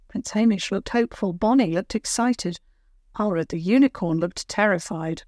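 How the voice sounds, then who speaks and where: A woman narrating a children's storybook in a gentle, clear read-aloud manner. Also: medium pitch, moderate pace, no room sound, studio quality.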